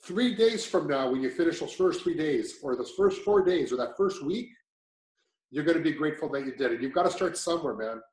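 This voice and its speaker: A man's voice: a little high, lively intonation, fairly quick, darkish tone, roomy sound, poor audio. A man giving a casual testimonial about his progress, talking in a rambling way with many restarts and fillers.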